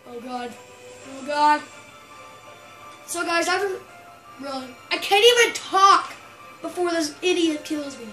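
High, excitable female gamer voice. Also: unhurried, long pauses. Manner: excitable, bursts into shrieks and yells. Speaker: gameplay commentator. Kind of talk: casual gameplay commentary. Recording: roomy echo, faint music.

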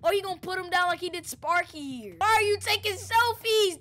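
Woman, gaming commentary, very high voice, big swooping pitch, noisy background. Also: fairly quick, few pauses. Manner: excitable, shouts and laughs at teammate, slangy. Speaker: gaming YouTuber. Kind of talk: gameplay commentary.

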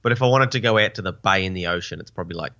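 A man's voice: low-pitched, racing, a bit bright, lo-fi sound. A man with an Australian accent, a podcast guest and vlogger, chatting in an easygoing, playful way. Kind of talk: casual chat.

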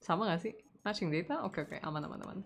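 A woman with an Indonesian accent streaming a game, casually chatting, reading the game text aloud and breaking into excited shrieks. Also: fairly low pitch, very fast, creaky, a little hiss or hum. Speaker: VTuber streamer. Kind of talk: casual gameplay commentary.

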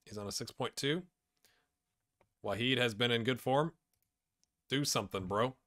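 A man doing let's play commentary for viewers, with excitable play-by-play that swings from loud outbursts to quiet muttering, and jokes along the way. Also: medium pitch, normal speed. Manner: jokey, talks to viewers. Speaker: gaming YouTuber.

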